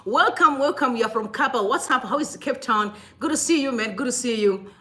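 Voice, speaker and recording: A woman's voice: fairly high pitch, expressive, moderate pace, pushed and bright. A woman hosting a casual livestream, chatty and effusive, often breaking into laughter. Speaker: livestream host.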